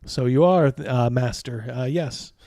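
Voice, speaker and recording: A man's voice: medium pitch, measured pace, warm tone, no room sound, clean studio sound. A man narrating as game master, rambling with many fillers and chuckles.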